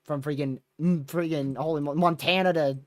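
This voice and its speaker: A young man hosting a live weather stream, chatting casually and excitably about storms. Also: on the high side, moderate pace, no echo, studio quality. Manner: excitable, laughs often, says dude and freaking. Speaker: livestream weather host. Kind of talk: casual chat while covering storms live.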